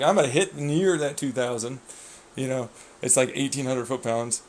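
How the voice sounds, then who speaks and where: A man's voice: medium pitch, slight background noise. A young man animatedly telling racing stories in casual chat, swearing and laughing often. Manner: animated, swearing, laughing often, quoting people in mock voices. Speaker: racer.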